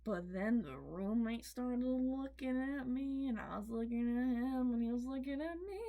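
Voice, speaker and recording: A woman's voice: fairly high pitch, moderate pace, vocal fry, hardly any pauses. Candid, swearing young woman confiding a story. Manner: candid, swings between excited and tearful, swears freely; emphatic, repeats words. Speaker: vlogger. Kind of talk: confessional storytime.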